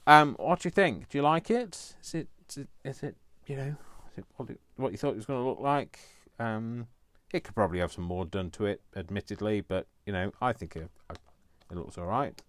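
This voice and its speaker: A man in his fifties talks through a live crafting session from his kitchen at home. His voice sits fairly low. He rambles from one idea to the next and drops playful asides as he goes. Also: dry recording. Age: 50s. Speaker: crafting vlogger. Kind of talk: live casual crafting chat.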